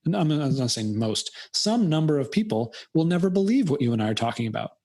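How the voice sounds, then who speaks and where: A man's voice: fairly high pitch, quick pace. An American man talking as a podcast guest in a casual, long-winded way, acting out imagined quotes. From United States. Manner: animated, acts out quoted voices, long-winded. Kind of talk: casual conversational interview. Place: Fairfield County, Connecticut.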